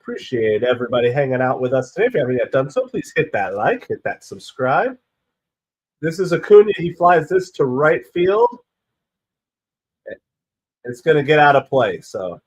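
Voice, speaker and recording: A man with a hoarse, stuffy voice from a cold hosts a relaxed live stream and chats his way through the game. He rambles between stats and plays, and gets excited over close pitches. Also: normal speed, pauses often. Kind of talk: casual play-by-play chat.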